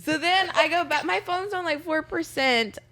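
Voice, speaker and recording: A woman's voice: very high-pitched, normal speed, crowd noise. A young woman chatting casually as a podcast guest, telling a rambling story and acting out her own lines. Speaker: bartender guest. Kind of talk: casual chat.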